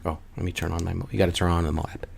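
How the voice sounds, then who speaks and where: A man's voice: low voice, level tone, racing, vocal fry, breathy edge. A man hosting a gaming channel, ranting casually in a mocking, profane tone. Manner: mocking, profane, trash-talking. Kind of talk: casual gaming vlog rant.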